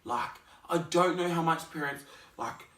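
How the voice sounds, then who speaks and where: A young man vlogging, telling a personal story in an animated way, acting out scenes and other people's voices. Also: on the high side, a little slow. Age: young adult. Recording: roomy, mic at a distance.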